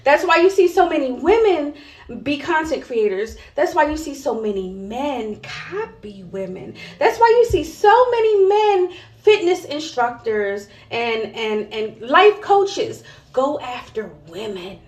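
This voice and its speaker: A woman's voice: sits high, very animated, measured pace. A woman hosting her own vlog, talking straight to camera in a blunt, heavily profane monologue with emphatic asides to viewers. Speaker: vlog host. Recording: roomy echo.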